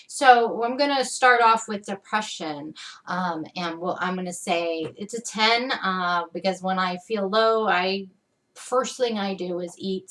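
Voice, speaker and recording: A woman's voice: mid-range voice, a bit bright, recorded from a distance. A woman leading an EFT tapping lesson, talking to the viewer in a chatty way and saying her affirmation phrases with strong emphasis.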